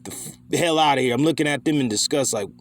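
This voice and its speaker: A man's voice: medium pitch, quick pace. A man teaching scripture in a fiery, scolding way, swearing freely and firing rhetorical questions. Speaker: preacher.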